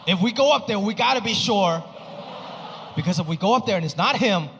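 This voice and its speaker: A male stand-up comedian performing a live set, animated and acting out other people's voices. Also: brisk. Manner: animated, acts out other people with big pitch jumps. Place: comedy stage before a live audience. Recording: live hall reverb with crowd noise.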